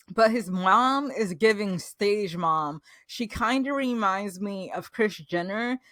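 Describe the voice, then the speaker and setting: A woman's voice: mid-range voice, a bit bright, dry recording, studio quality. A woman vlogger recapping a show in a gushing, enthusiastic, chatty way, full of fillers. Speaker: reaction vlogger. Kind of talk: casual reaction recap.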